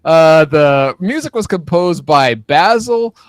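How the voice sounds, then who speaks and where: A man's voice: on the high side, lively intonation, slow pace, no room sound. A man co-hosting a podcast, teasing and playful in casual banter. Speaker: podcast co-host.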